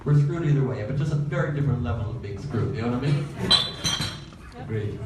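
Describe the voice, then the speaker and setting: A man's voice: medium pitch, lively intonation, fast, highs cut off. A man doing improvised stand-up crowd work, teasing the audience with brash, profane jokes and frequent laughter. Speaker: stand-up comedian. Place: comedy club stage. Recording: echoey club, distant, loud crowd. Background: audience laughter and chatter.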